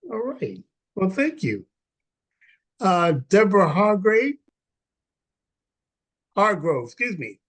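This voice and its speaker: High-voiced man hosting a video call. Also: big pitch swings, fairly bright tone. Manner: halting, with many fillers and restarts. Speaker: meeting host. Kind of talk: online meeting introductions.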